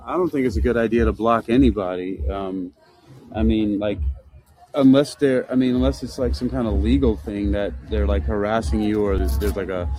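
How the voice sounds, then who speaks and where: Hesitant low-voiced man host. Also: dark tone, rough recording. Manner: hesitant, halting restarts. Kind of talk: casual chat.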